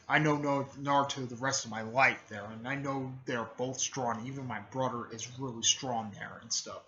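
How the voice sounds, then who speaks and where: A man's voice: medium pitch, fairly even intonation, moderate pace, fairly bright tone. A young man casually narrating a fan story, rambling with many fillers and self-corrections. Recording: muffled lo-fi recording.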